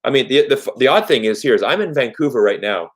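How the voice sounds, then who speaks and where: A man's voice: medium pitch, animated, quick pace. A man hosting a live Q&A stream, talking earnestly and telling stories with lots of "you know" fillers. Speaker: livestream host. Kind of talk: live Q&A chat. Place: Vancouver, Canada.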